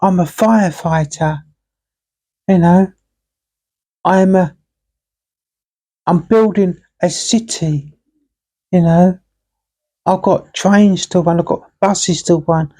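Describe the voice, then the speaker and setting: A woman's voice: lowish voice, steady tone, takes it slowly, pauses often, mellow. A woman, telling a playful story in a rambling, casual monologue. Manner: chatty, playful storyteller acting out both sides. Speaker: vlogger.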